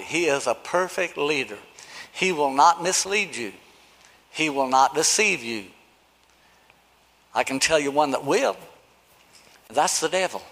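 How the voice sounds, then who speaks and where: A man preaching a sermon, impassioned, swinging between shouts and hushed pleading. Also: fairly high pitch. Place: church sanctuary. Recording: long hall reverb.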